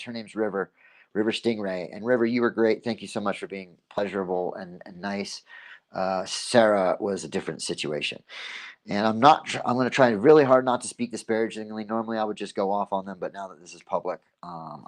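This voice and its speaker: Male livestream host, slightly low voice. Casual rambling storyteller who repeats himself and gives himself pep talks. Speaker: host of a local livestream show.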